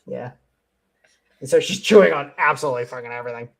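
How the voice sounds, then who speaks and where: A man talks into a headset microphone in a loose, rambling storytelling way. He swears freely and breaks into laughter often. His pitch sits in the middle range. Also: fast talker, creaky, a bit bright. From Cleveland area, USA. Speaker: host. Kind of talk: casual panel chat.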